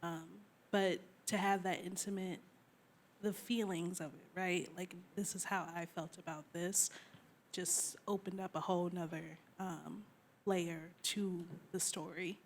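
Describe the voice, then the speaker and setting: Female panelist, lower voice, emphatic, faint background noise. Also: steady tone, a little slow. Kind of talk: panel discussion.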